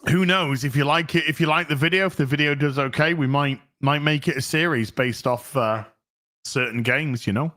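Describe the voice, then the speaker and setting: A man's voice: fairly high pitch, normal speed, pushed and bright. A man hosting a casual livestream, reading out chat messages and rambling with many restarts and frequent swearing. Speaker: streamer host reading chat.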